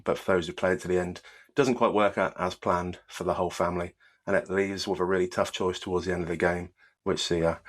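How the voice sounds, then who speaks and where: A man's voice: low-pitched, a bit bright. A man co-hosting a casual podcast, talking enthusiastically in long run-on lists. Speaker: podcast co-host.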